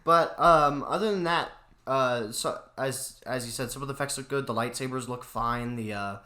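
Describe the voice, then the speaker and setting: A man's voice: medium pitch, normal speed, pushed and bright. A young man hosting a casual movie review chat, rambling and packing his talk with fillers. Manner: rambling, heavy use of "like" and fillers. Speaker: channel host.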